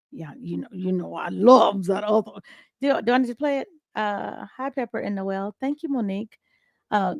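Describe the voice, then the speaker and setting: A woman's voice: mid-range voice, no echo, clean studio sound. Chatty middle-aged woman hosting a live stream. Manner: chatty, rambling with frequent restarts and laughs. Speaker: host. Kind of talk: casual live-stream chat. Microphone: webcam close to face.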